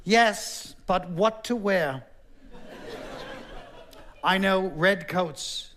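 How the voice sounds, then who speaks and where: A pompous, sulky king pining after a lover, all grand theatrical declarations, as a comedian puts him on in a stand-up bit. The voice sits high and strains upward with a faint room hum behind it. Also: extremely slow, fairly bright tone, full character voice.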